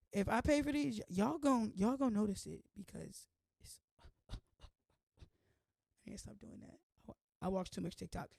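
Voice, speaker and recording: A young woman hosting her own vlog, playful and chatty, with a slightly hoarse voice and constant "like"s. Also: medium pitch, darkish tone, no echo, clean studio sound. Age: young adult. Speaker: host. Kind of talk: casual vlog chat.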